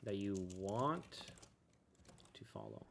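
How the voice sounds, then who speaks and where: A man's voice: on the low side, wildly swooping pitch, takes it slowly, vocal fry, a little hiss or hum. A man giving a casual motivational talk as a self-help video host, rambling and checking in with "right?" after nearly every point, with a laid-back manner and now and then a "bro" or a curse. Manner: rambling, keeps asking "right?".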